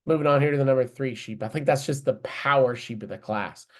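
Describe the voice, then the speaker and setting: A man's voice: mid-range voice, quick pace. A man teaching livestock judging in a live online lesson, talking casually and thinking aloud with plenty of fillers as he explains his placings.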